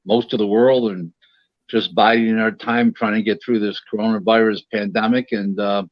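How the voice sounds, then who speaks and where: A man from the United States joins a talk show remotely and answers in a relaxed, rambling way. His voice is low. The call audio is dull and dry. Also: moderate pace, dry recording. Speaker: guest. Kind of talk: remote interview.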